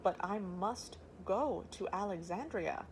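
A woman's voice: fairly low pitch, flat delivery, measured pace, a little mellow, slight background noise, low-quality recording. A woman reading the part of a desperate young prince, urgent and pleading, in an audiobook.

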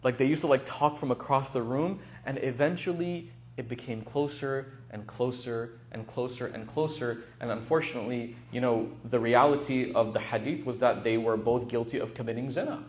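A young man and religious teacher giving a casual storytelling talk in a lively, animated way. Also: mid-range voice, moderate pace, few pauses, a little hiss or hum.

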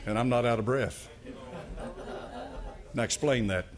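A man, a pastor preaching and praying aloud in a church service, earnest and dropping low and quiet in prayer. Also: a little slow, crowd noise. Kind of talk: sermon.

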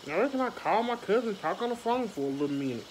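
A woman's voice: medium pitch, very animated, fast talker. A woman chatting casually into her phone for a vlog, blunt and swearing freely. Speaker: vlogger. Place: outdoors in the rain. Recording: loud rain noise around the phone mic.

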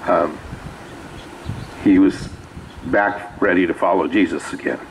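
Preacher guy, real low voice, chatty storytelling sermon, bit of faint noise behind. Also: steady tone, slow, gravelly, poor audio. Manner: conversational storytelling with asides. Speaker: pastor. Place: small rural church.

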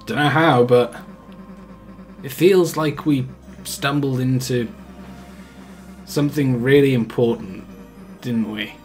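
A man voicing a tough, gruff teenage monster girl, blunt and slangy, in a fan voice-over of a game. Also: mid-range voice, slow, long pauses, a little mellow, faint music behind, natural voice. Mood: thoughtful.

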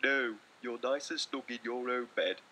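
A man voicing a tired, firm grown male mouse who keeps turning down requests with short, steady replies. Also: medium pitch, measured pace, slight background noise. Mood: weary firm.

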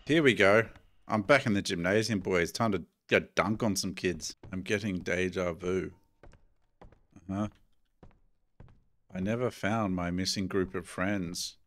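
Middle-aged man, Australian accent, horror game let's play, jumpy, chatty, somewhat low voice. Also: fairly even intonation, unhurried, long pauses, a bit bright. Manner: jumpy, chatty, swears mildly, talks to viewers as "boys". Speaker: gaming YouTuber.

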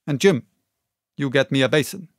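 A man reading an audiobook, voicing a stern middle-aged country doctor who gives orders in a crisp, brusque manner. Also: mid-range voice, expressive, normal speed, no room sound, studio quality, close to an everyday voice.

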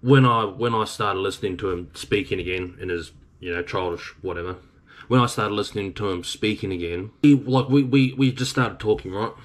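A blunt Australian man in his thirties tells a long story in a casual, rambling way and swears now and then. His voice sits deep and low. He talks like a truck driver chatting to his viewers. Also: fairly quick.

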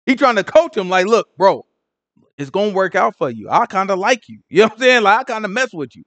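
A man's voice: high voice, very animated, a little fast, a bit bright, dry recording. A man leading a casual Bible study, retelling scripture in slang and acting out the characters' lines. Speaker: Bible teacher.

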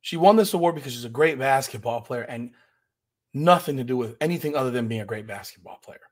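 A man's voice: medium pitch, expressive, quick pace. A man hosting a podcast, giving emphatic, indignant commentary and often repeating himself. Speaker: podcast host. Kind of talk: opinionated commentary.

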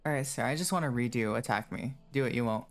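A man's voice: medium pitch, fast, soft background music. A man streaming a horror game, chatting in a rambling, self-mocking way and breaking into screams and laughter when scared. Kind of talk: live game commentary.

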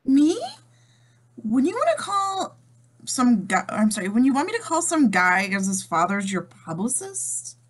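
Woman reading a worried wife and mom, high, lively, gentle questions. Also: unhurried. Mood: concerned. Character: concerned wife and mother. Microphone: video call.

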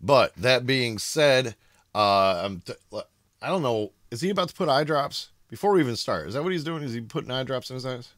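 Excitable American man reacting, bright voice. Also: medium pitch, brisk, no echo, studio quality. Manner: excitable, shouts in amazement. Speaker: reaction video host. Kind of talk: casual reaction commentary. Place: home room.

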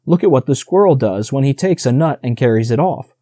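A man's voice: medium pitch, expressive, fairly quick, warm tone, close to an everyday voice. A man reading the part of a young male fawn who breaks in to explain, in an audiobook. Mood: impatient. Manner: impatient, breaking in.

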